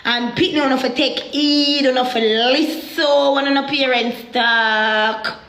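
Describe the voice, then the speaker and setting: A young Jamaican woman telling a personal story in an animated, heated way. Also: high voice, takes it slowly, echoey room.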